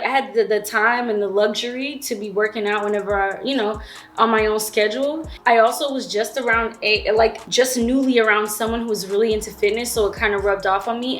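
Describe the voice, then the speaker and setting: Woman, 30s, vlogger, candid, chatty, slangy asides, slightly high voice. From Florida. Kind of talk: personal storytelling vlog.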